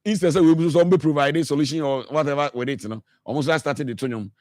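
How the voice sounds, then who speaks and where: Ghanaian guy on a radio talk show, fired up, switching between english and twi, bit high voice, dry studio sound. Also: quick pace, darkish tone, no room sound. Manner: passionate, mixes English with Twi, frequent repetitions.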